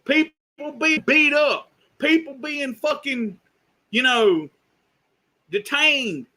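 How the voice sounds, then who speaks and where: Man, very high bright voice, slow deliberate pace, heated cursing rant, live stream. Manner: heated, profane, exasperated. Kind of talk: angry political rant.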